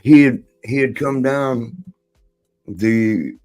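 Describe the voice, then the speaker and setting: A man's voice: medium pitch, drawn-out words, darkish tone, soft background music. A man in his sixties hosting a podcast, telling rambling anecdotes in casual chat, laughing often and slipping into quoted voices. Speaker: podcast host.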